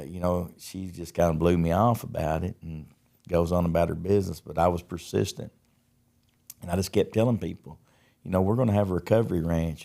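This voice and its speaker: Middle-aged man, podcast guest, deep low voice, rambling folksy storyteller. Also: creaky, darkish tone. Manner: folksy, repeats words as he tells stories. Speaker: podcast guest, recovery ministry founder. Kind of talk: casual testimony storytelling.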